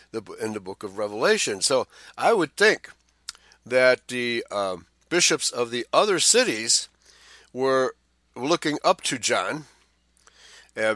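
A man with a bright, clear-toned voice reads a church-history passage aloud and keeps breaking off for quick asides of his own. He is recorded dry and close, with no room sound. The pitch sits in a middle range. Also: no room sound. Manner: reads passages with side remarks and frequent "uh" fillers. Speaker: co-host of a Bible study show. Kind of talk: reading a text aloud with commentary.

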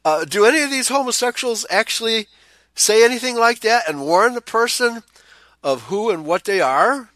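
A man's voice: extremely high pitch, expressive, normal speed, a bit bright, no room sound. A man hosting a commentary show, reading news items aloud and adding sarcastic, scornful asides, often chuckling and stumbling over repeated words.

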